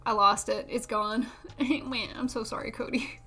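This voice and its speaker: A woman's voice: fairly high pitch, steady tone, measured pace, bright, forceful tone, breathy edge, soft background music. A young woman streamer chatting casually and self-deprecatingly while building a model kit, laughing often.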